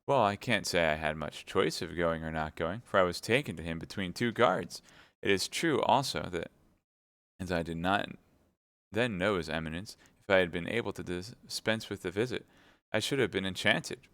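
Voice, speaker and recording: A man's voice: low-pitched, animated, normal speed, fairly bright tone, dry recording. A man reading aloud, playing a cowardly, greedy fifty-year-old merchant who talks pompously. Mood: defensive.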